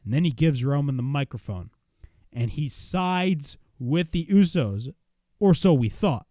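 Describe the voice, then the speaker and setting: A man retelling a wrestling show in a casual, excitable recap, swearing freely as he goes. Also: on the high side, unhurried, no echo, studio quality.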